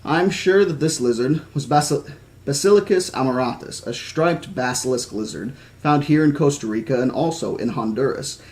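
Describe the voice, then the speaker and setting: A friendly male scientist from a read-aloud novel explains things in a relaxed way, as a man voices him. The voice is easygoing and knowledgeable. The pitch sits in a middle range. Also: moderate pace, natural voice. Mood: explaining. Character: friendly male American field biologist, knowledgeable.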